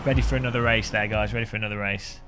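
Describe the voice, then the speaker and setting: Speaking rapid-fire in a fairly low, fairly even voice over background music, a British man keeps up casual, jokey chatter while sim racing on a live stream at home. He drifts between subjects and laughs a lot.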